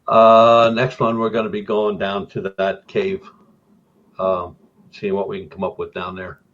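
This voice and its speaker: A man's voice: fairly low pitch, flat delivery, a little slow, a bit bright, highs cut off. A man appearing as a guest investigator on a radio show, giving brief, plain answers. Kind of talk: phone-in radio interview.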